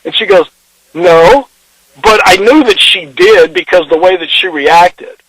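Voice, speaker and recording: A man's voice: sits high, animated, a little slow, background noise. A man on a phone call telling a long story emotionally, rambling and acting out what people said. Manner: rambling, restarts, acts out quoted dialogue. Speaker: interview guest. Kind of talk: emotional first-person retelling.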